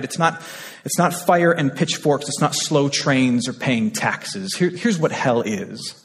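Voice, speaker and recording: A male pastor preaching a sermon with passion, repeating phrases and moving between loud, urgent lines and hushed ones. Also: medium pitch, slight background noise. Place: church sanctuary. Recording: long hall reverb.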